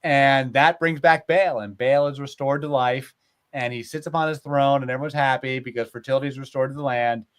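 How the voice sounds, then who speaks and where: A man retelling old myths in a casual, animated way, with lots of filler words, as a podcast host. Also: mid-range voice, a little fast, clear, resonant tone. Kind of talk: casual storytelling chat.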